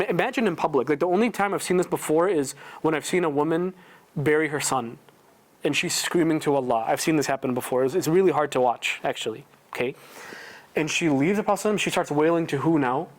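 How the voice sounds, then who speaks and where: A man teaching a casual religious lesson at a prayer center, talking conversationally and quizzing his listeners with rhetorical questions. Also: a little high. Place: indoor community prayer center.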